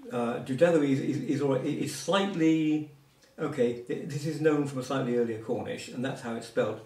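A man's voice: mid-range voice, a little fast, dark tone. A man teaching Cornish words in a one-on-one lesson, explaining patiently with asides and examples. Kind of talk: informal one-on-one language lesson. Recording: roomy sound from a distance.

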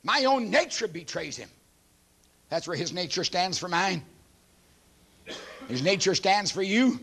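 Older man, seventies, high voice, emphatic sermon, clears throat often. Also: sing-song, a little slow, pauses often. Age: 70s. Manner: emphatic, forceful preaching with frequent throat clearing. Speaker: pastor.

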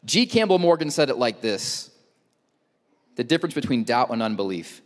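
A man's voice: medium pitch, sing-song, moderate pace, long pauses. A male pastor preaching a sermon in a conversational way, with rhetorical questions and joking asides. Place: church auditorium. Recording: long church hall reverb.

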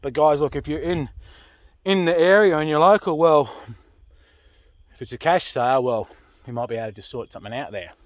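An Australian man talking casually to camera outdoors, rough-spoken and swearing freely, out of breath from hauling a load. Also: on the high side, a little fast, long pauses, no room sound. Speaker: pig hunter. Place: outdoors in the bush.

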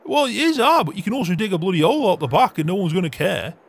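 A man's voice: sits high, sing-song, fast, vocal fry, breathy edge, full character voice. A man playing a blunt, cheerful farm boss, constantly swearing and teasing in game roleplay banter.

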